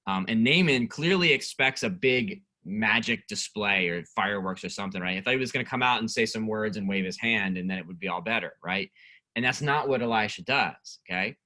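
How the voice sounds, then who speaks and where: A man's voice: on the low side, a little fast, sharp tone. A male youth pastor teaching a casual Bible study, reading scripture aloud and asking the group questions.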